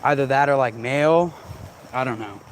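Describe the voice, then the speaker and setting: A man's voice: mid-range voice, normal speed, a little hiss or hum. A man vlogging in a casual, rambling way, swearing freely and sounding irritated as he goes off on tangents. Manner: profane, rambling, irritated ranting.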